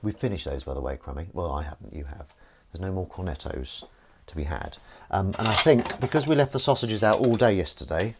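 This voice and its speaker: A man's voice: low voice, expressive, a little fast, a little hiss or hum. A man hosting a casual live stream, chatting and reading out viewer comments in a playful way. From Northern England. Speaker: livestream host. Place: home kitchen while washing up.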